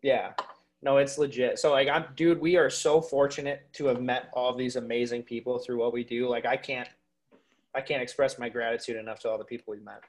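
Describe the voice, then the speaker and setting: Animated young man telling hunting stories. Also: mid-range voice, a little fast. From Minnesota. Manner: animated storyteller, swears freely, lots of "like" and "dude". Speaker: podcast guest, waterfowl hunter. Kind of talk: casual podcast interview.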